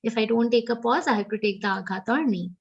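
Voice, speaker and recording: A woman with an Indian English accent teaching Sanskrit pronunciation in an online class, chanting verses slowly and correcting each sound precisely. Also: fairly high pitch, muffled recording. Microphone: online video call.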